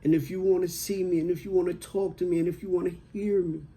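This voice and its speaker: A man voicing his dying elderly mother, who speaks slowly, plainly and tenderly but firmly. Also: fairly high pitch, gravelly, dark tone. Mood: earnest. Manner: slow, plain-spoken, tender but insistent.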